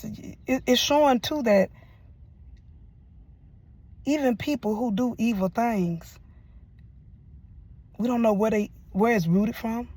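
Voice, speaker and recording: Preachy woman with a high voice. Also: mellow, no room sound. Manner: sermon-like, emotional, church phrases. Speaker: show reviewer and commentator. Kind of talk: casual preachy commentary.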